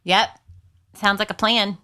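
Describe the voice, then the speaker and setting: Bright, clear-voiced teasing woman. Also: medium pitch, fairly even intonation, unhurried. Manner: upbeat, teasing, encouraging. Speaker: podcast co-host. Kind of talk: casual chat.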